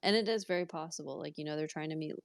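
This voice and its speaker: A woman host speaks in a low voice with a gravelly fry. She chats in a relaxed, hesitant way. Her recording is dry and close. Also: rapid-fire, no echo. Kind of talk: casual chat.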